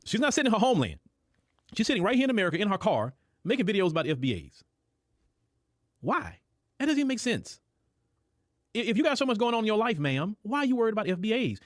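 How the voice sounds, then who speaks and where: A man's voice: sits high, big pitch swings, fast talker, pauses often, dry recording, clean studio sound. A man hosting a reaction commentary, talking in an incredulous, scolding way. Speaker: commentary channel host.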